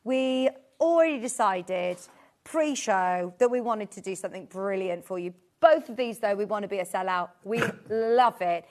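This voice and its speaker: A woman's voice: mid-range voice, moderate pace, darkish tone. A British woman presenting a live TV sewing sales show with enthusiastic selling patter. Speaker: shopping channel presenter.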